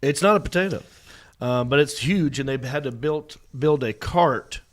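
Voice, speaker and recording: A man's voice: mid-range voice, moderate pace. A man with a scratchy, sore throat hosting a casual comedy talk show, joking and rambling through stories. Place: studio set with a small crew.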